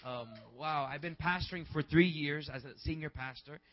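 A man in his twenties, a pastor, preaching in a rambling, conversational way that builds into shouts. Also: fairly high pitch, moderate pace, soft background music. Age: 20s. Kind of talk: sermon. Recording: dull lo-fi recording.

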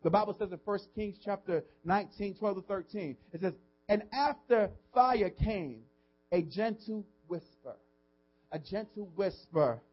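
In a sermon recorded with dull audio, a pastor whose voice sits high speaks a little slowly, moving from forceful emphasis down to a hushed whisper. He talks informally, repeats words, and questions the congregation.

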